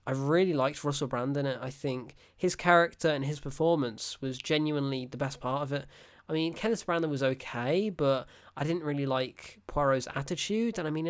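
Blunt, sarcastic film reviewer rambling casually. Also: mid-range voice. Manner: blunt, exasperated and sarcastic, laughing often; rambling and unscripted, with self-corrections.

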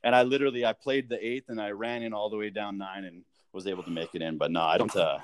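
A man's voice: on the low side, steady tone, fast, a little hiss or hum. A man talking as a podcast guest, telling easygoing anecdotes full of fillers like "uh" and "like". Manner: laid-back, filler-heavy anecdote telling. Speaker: guest, professional golfer. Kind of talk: casual chat.

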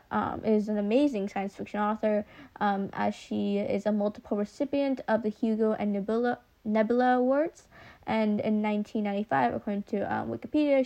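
This young woman's voice is mid-range, creaky, and dark. Hosting a laid-back book podcast, she talks chattily with a slight retainer lisp and many ums and likes.

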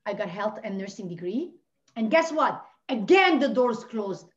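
A woman from Lebanon, a podcast guest telling her personal story with passion, swinging between hushed and near-shouting. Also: medium pitch, sing-song, normal speed. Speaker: podcast guest, life coach. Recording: dull lo-fi audio.

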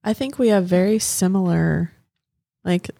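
Woman, lowish voice, gravelly, agreeable, dry close sound. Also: measured pace, warm tone, no echo. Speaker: podcast co-host. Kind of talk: casual faith chat.

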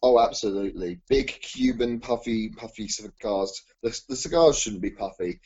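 A man's voice: fairly low pitch, moderate pace, darkish tone, breathy edge. A man co-hosting a comedy podcast, riffing playfully and improvising absurd bits in casual banter. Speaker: podcast co-host. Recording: dull lo-fi recording.

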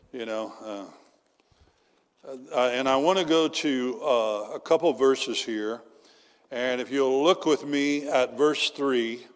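Folksy preacher in an echoing hall. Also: male voice, mid-range voice. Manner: folksy storytelling with fillers and crowd questions. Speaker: pastor. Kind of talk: sermon.

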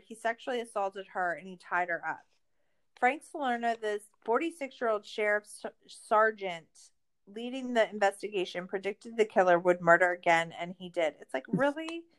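A woman podcast host in a casual recap chat, ranting in exasperation and swearing a lot. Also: medium pitch.

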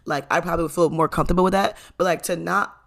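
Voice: mid-range voice, fairly even intonation, rapid-fire, creaky, fairly bright tone. A young adult telling a casual storytime to camera, chatty, full of fillers, often laughing and swearing. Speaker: storytime vlogger.

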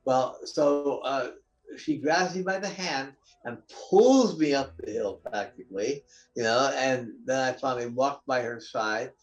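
A man's voice: medium pitch, unhurried, soft background music. Man telling a story from a distance. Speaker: guest musician. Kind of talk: casual storytelling interview. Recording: roomy, distant from the mic.

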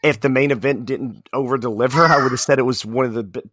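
A man co-hosting a podcast, talking in a casual, animated way with many fillers and restarts. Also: medium pitch, fast talker, dry recording. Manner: animated, rambling wrestling fan talk with fillers. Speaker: podcast co-host. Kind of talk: casual chat.

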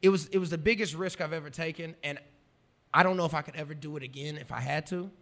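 Fast, bright-voiced comedian telling stories. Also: male voice, fairly high pitch. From American. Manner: animated, profane, swings from loud to quiet. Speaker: stand-up comedian. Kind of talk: casual storytelling in an interview.

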